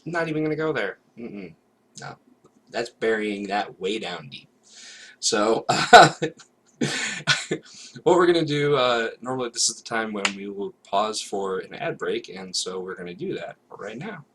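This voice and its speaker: A man's voice: on the low side, animated, unhurried, fairly bright tone, slightly rough. A man co-hosting a casual podcast, talking in a playful, hesitant way with many fillers. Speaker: podcast co-host. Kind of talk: casual chat. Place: home, recorded live.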